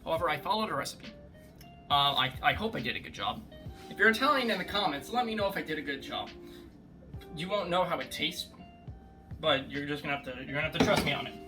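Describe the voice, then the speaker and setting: A man's voice: a little high, expressive, quick pace, pauses often, bright, forceful tone, soft background music. A young man casually talking through a home cooking video, rambling and joking with plenty of swearing. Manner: rambling, jokey, swears a lot.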